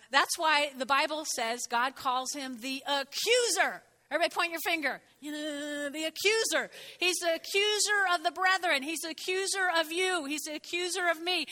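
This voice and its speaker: Woman preacher, high voice, bright tone, conversational sermon, leads call-and-response, leaps up in pitch for emphasis. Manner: conversational, prompts the congregation to repeat phrases; expressive, jumps in pitch for emphasis.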